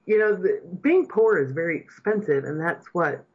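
A woman's voice: fairly low pitch, expressive, normal speed, breathy edge, phone-quality sound. Impassioned female talk radio host. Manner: earnest, impassioned, building to emphatic points. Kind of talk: political talk radio commentary.

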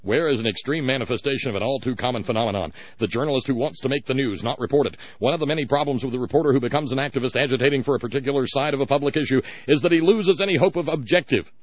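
A man's voice: mid-range voice, racing, few pauses, no room sound, highs cut off. A man hosting a political call-in radio show, ranting in a sarcastic, mocking way. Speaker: radio talk show host.

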